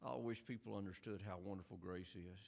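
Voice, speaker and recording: A man's voice: low-pitched, fairly even intonation, brisk, gravelly, darkish tone. A man preaching a sermon in an earnest, emphatic way, full of rhetorical questions.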